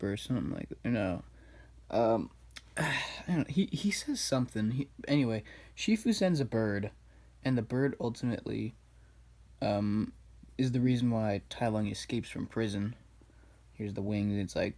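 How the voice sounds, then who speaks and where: A man casually recapping an animated film while he draws, rambling and correcting himself as he goes. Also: on the low side, unhurried, long pauses. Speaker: drawing video maker.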